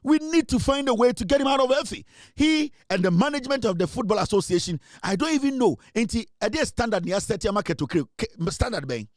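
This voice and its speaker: A man's voice: very high voice, animated, quick pace, no echo, clean studio sound. Angry Ghanaian man ranting. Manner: angry, indignant, switching between English and Twi. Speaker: sports talk show host. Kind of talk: ranting commentary.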